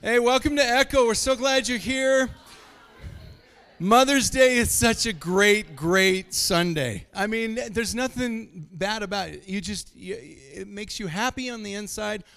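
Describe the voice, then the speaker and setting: A man's voice: high voice, unhurried, creaky, a bit bright, clean tone. A middle-aged man from Montana preaching a sermon, telling stories and chuckling often. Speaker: pastor.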